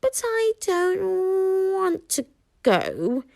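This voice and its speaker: A woman reading aloud and voicing a small, stubborn, whiny male dragon in a squeaky, drawn-out voice. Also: wildly swooping pitch, gravelly, warm tone, no room sound, clean studio sound, heavily acted.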